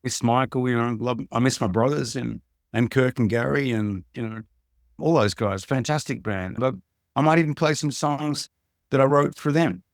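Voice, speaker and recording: An older man with an Australian accent, speaking in a relaxed, rambling way as an interview guest. His voice sits at a middling pitch, recorded close and dry with no room sound. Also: moderate pace, no room sound. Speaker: musician guest. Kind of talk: casual interview chat.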